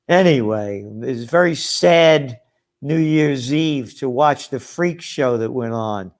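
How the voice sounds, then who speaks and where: A man's voice: medium pitch, slow pace. A man delivering a combative, sarcastic rant promoting his trends magazine, full of mocking asides. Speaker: trends forecaster and publisher. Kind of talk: ranting promo monologue.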